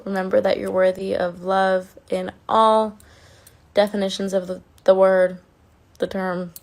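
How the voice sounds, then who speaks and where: A woman's voice: mid-range voice, creaky, a little mellow. A woman chatting casually on a phone livestream, reading and answering fan comments in an affectionate way and swearing now and then.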